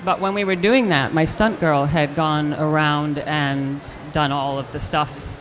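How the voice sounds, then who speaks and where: An older actress telling an animated story in a live stage interview, acting out the voices of the people she quotes. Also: low voice, a little slow, slight background noise. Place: convention stage with audience hall ambience.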